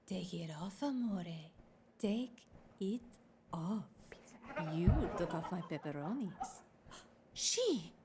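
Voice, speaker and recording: A woman's voice: on the low side, lively intonation, slow pace, pauses often, heavy background noise. A woman voicing a jealous, melodramatic female pizza in an ad, with an Italian accent. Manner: melodramatic, wailing.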